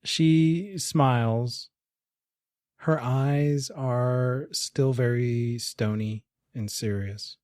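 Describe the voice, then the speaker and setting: A man narrating a tabletop game as game master, describing scenes in an unhurried way. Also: mid-range voice, steady tone, darkish tone, no room sound, clean studio sound.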